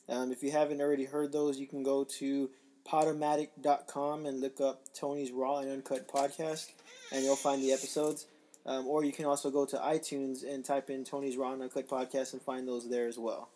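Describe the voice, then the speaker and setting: A man with a slightly raspy voice opens and hosts a casual podcast. He talks in an easygoing, unscripted way and fills his pauses with ums. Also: mid-range voice, a little hiss or hum. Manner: relaxed and loose, with frequent ums. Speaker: podcast host.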